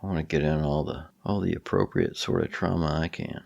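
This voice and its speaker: A man co-hosting a podcast, cracking deadpan teasing jokes in casual chat. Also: very deep voice, a little fast, creaky, lo-fi sound, over loud music. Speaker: podcast co-host. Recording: loud background noise.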